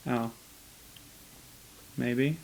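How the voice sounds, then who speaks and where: A man's voice: mid-range voice, fairly even intonation, drawn-out words, creaky, low-quality recording. A man co-hosting a podcast, making dry, chatty observations in casual watch-along commentary. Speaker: podcast co-host.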